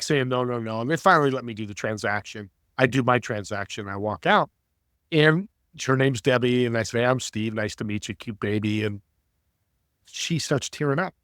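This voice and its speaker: A man's voice: medium pitch, no echo, clean studio sound. A man who is an entrepreneur and podcast guest, telling stories in an earnest, preachy, motivational way. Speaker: entrepreneur and networking coach, guest. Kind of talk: interview storytelling.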